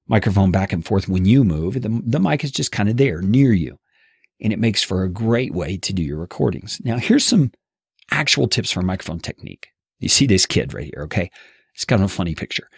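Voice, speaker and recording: Expressive man with a gravelly voice. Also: on the low side, no echo, clean studio sound. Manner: expressive, animated delivery. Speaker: podcast course instructor. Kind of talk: instructional podcast teaching. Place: home studio, seated at a table. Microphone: studio mic on boom arm, close.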